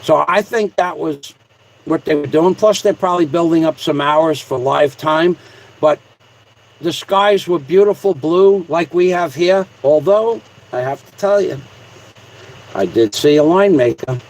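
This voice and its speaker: A man hosting a casual livestream, reading out viewer comments in a rambling, joking way with repeated shout-outs. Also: fairly high pitch, unhurried, rough recording. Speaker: livestream host.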